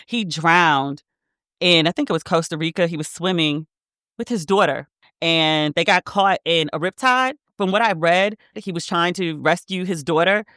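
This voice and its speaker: Animated woman podcast host, bright voice. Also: fairly low pitch, moderate pace, no room sound, clean studio sound. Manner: emotional, animated storytelling with many "like" fillers. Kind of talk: casual monologue.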